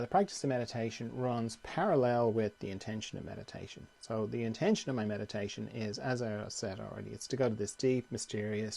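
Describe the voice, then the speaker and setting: Calm man teaching meditation. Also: fairly low pitch, creaky. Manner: calm, conversational, repeats phrases. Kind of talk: guided meditation talk.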